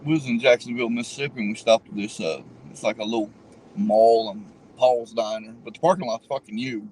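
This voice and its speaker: A man's voice: medium pitch, steady tone, a little fast, darkish tone, slight background noise, rough recording. A man riding along in a car, telling a road story casually with plenty of cursing. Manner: profane, laughing storyteller. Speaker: passenger, former truck driver.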